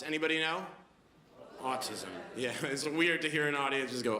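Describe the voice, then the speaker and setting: A man's voice: mid-range voice, lively intonation. Young man telling stand-up stories. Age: 20s. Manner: quick, self-deprecating storytelling with sudden loud outbursts. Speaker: stand-up comedian. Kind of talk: stand-up comedy set. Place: comedy club stage with live audience. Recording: echoey club with audience noise.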